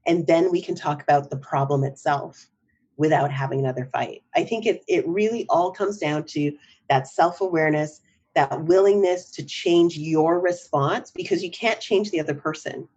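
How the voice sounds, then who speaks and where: Low-pitched middle-aged woman on a podcast, reflective, keeps saying right?, a bit muffled. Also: moderate pace, darkish tone, husky. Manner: reflective, often asks "right?". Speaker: psychotherapist guest. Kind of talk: podcast interview.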